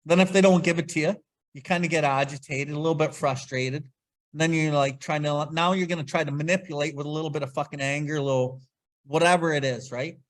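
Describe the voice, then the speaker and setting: A man's voice: fairly high pitch, fairly even intonation, fast talker. A man leading a casual recovery study talk, blunt and swearing freely as he acts out his own past outbursts. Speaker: podcast host leading Big Book study.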